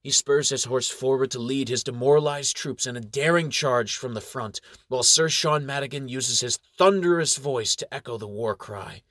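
A man narrating a fantasy battle story in a measured, dramatic way. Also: medium pitch, a bit bright, no echo, studio quality.

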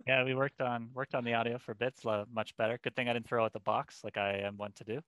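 Bright-voiced rambling male podcast co-host. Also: medium pitch, flat delivery, fast talker, clear, resonant tone, no echo. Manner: rambling and easygoing, thinks aloud. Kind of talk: casual podcast chat. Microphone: headset mic.

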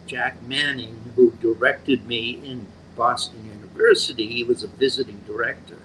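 An older man, an actor, slowly telling stories from his career in a casual interview, acting out the voices he quotes. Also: medium pitch, a little hiss or hum, rough recording. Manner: slow, animated storyteller acting out quotes.

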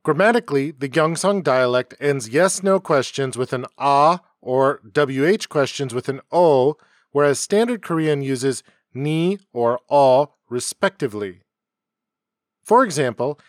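A man narrates a homemade history podcast in a steady, explanatory manner. His voice sits somewhat high for a man. The recording is dry, with no room sound. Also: no echo. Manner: measured, explanatory delivery. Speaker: podcast host. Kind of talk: scripted educational narration. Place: home setup, dry sound.

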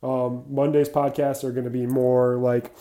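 A man talks through a casual podcast monologue in a mellow, darker voice. He is blunt and energetic, fills his talk with "like" and drifts from point to point. The room around him is echoey. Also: mid-range voice, unhurried. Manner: energetic, blunt, rambling, says "like" often. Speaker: podcast host for clinicians.

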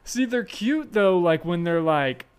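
A man's voice: sits high, lively intonation, a little slow, smooth. A man in his late twenties from Florida, a comedian guest telling rambling, crude stories in a casual podcast chat. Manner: rambling storyteller, crude, swears freely.

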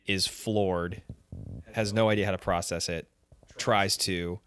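A man co-hosting a casual recap podcast. His voice sits a bit low, and he walks through the events conversationally, with ready laughter. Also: fairly even intonation, slow pace, fairly bright tone, smooth, soft background music. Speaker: podcast co-host. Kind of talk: casual chat recapping a dating show.

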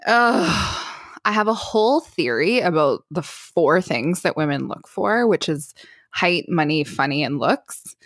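A young woman, co-hosting a podcast and telling a story in a casual, animated way, full of fillers. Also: low-pitched, measured pace, dry recording, studio quality. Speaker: podcast co-host.

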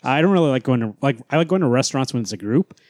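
A man's voice: medium pitch, expressive, rapid-fire, darkish tone, no room sound. Man, podcast co-host, blunt, swears a lot, emphatic, dry close mic. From Central or South America family roots. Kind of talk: casual chat.

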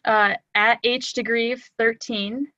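Bright enthusiastic woman guest, lo-fi line. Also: fairly high pitch, fairly even intonation, slow pace, no room sound. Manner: enthusiastic, encouraging. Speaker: podcast guest. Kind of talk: casual podcast chat.

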